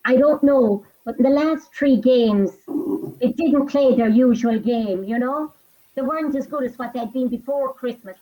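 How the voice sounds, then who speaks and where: A woman's voice: high voice, normal speed, mellow, rough recording. A woman on a sports chat panel, reminiscing and chatting about football, ending thoughts with you know.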